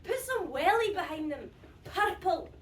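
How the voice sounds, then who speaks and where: Woman doing a prickly scottish lady patient, high voice, teasing and blunt, faint background hum. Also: expressive. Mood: mocking, playful. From Scotland. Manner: blunt, teasing, quick retorts. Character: stubborn sharp-tongued Scottish woman hospital patient. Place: theatre stage. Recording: echoey stage audio from far off.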